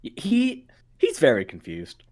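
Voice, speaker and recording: A man narrating a tabletop game as game master, halting with many fillers. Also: a little high. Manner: halting, many ums, lively voicing of guards.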